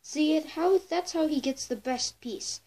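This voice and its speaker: A woman's voice: high voice, a little slow, a little mellow, pitched above the performer's own voice. A girl voicing a crafty, envious female fox who talks in a coaxing, mock-sympathetic way.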